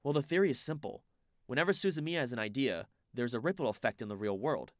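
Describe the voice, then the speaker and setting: A man's voice: medium pitch, expressive, fast talker, no room sound, studio quality, voice pushed up, close to an everyday voice. A man voicing a polite, confident teenage boy in an audiobook reading. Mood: composed.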